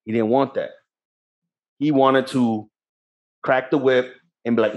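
A man's voice: mid-range voice, fairly even intonation, measured pace, muffled recording. A young man co-hosting a podcast in casual chat, blunt and swearing freely as he tells work stories. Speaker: podcast co-host.

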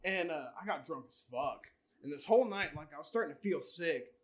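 A man's voice: fairly high pitch, expressive, fairly quick. Laughing male podcast co-host. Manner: laughs through his own story, swears freely. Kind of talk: casual storytelling chat.

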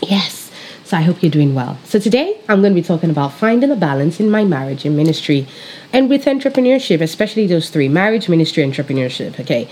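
Excitable high-voiced woman podcast host. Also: quick pace. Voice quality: high-pitched. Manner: excitable, energetic, chatty. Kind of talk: casual faith podcast chat.

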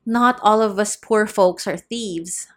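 A woman's voice: medium pitch, slow, natural voice. A woman voicing a poor, desperate peasant mother who pleads in fear, in an audiobook reading. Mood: pleading. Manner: pleading, fearful.

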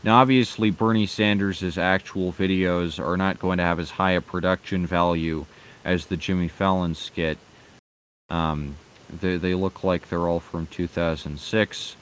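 A man's voice: low-pitched, steady tone, a little slow, slight background noise. A man giving casual, sarcastic commentary with lots of hesitant fillers and some swearing.

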